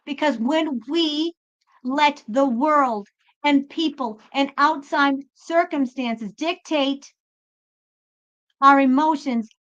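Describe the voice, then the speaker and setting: Speaking slowly in a high, fairly bright voice, a woman hosts a spiritual pep talk full of emphatic, freely flowing profanity. She is a tarot reader and spiritual channel host, and the lo-fi audio is a little dull.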